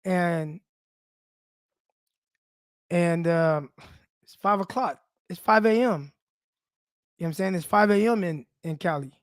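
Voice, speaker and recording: A man's voice: high voice, unhurried, long pauses, no room sound, clean studio sound. A young man hosting a sports podcast, talking loosely and personally with many fillers, teary-eyed as he speaks. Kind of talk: casual heartfelt monologue.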